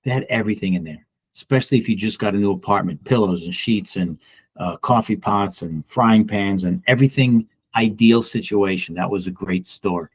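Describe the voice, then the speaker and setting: A middle-aged man, a real estate broker, delivers a relaxed training talk at the office in a blunt, lively way, impersonating the people he quotes. His voice is lowish and husky at a moderate pace, and the recording is dry.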